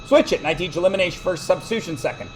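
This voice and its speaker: A man teaching a math class, quizzing the students with quick questions and cracking jokes. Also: high voice, expressive, slight background noise, poor audio. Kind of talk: classroom lecture.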